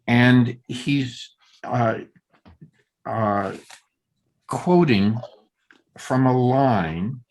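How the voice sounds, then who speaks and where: A man with a mid-range, slightly mellow voice leads a group Torah study. He reads passages aloud haltingly, searching for words and weighing which one to stress.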